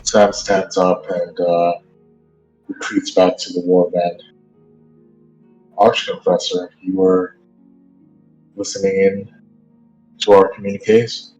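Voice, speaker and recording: A man's voice: low voice, level tone, slow, long pauses, darkish tone, highs cut off, soft background music. A man playing a tabletop game, speaking in character with careful, formal phrasing. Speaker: player. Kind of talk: in-character tabletop role-play.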